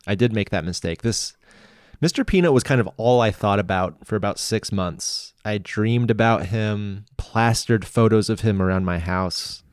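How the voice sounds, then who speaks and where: A man trades dry, deadpan jokes on a comedy podcast, his voice sitting a little low. The sound is close and dry, with no room around it. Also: normal speed, no echo. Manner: deadpan mock-serious joking. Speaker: podcast co-host and script writer.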